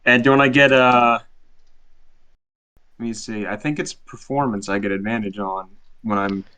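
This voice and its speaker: A man's voice: lowish voice, moderate pace, pushed and bright, smooth. A man playing a tabletop game, describing his actions in a rambling way, full of "like". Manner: rambling, lots of "like". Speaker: player. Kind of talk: casual game chat.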